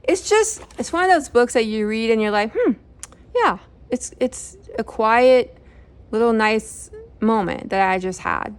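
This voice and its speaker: A middle-aged woman casually talking through books she has read, rambling with lots of fillers and self-corrections. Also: mid-range voice. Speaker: book channel host. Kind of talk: casual book review chat.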